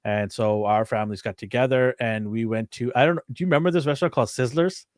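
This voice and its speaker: A man co-hosting a casual chat show, telling lively stories and acting out what people said, laughing often. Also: medium pitch, fast, no room sound, studio quality. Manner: animated storyteller, acts out quotes, laughs often. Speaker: co-host of a toy and anime show.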